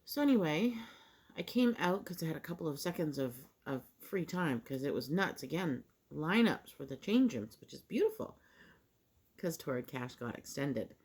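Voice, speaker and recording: Low-voiced woman chatting over breakfast. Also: sing-song, normal speed, darkish tone, husky. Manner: rambling storyteller with many fillers and restarts; talks while eating. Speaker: vlogger. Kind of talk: casual chat over breakfast.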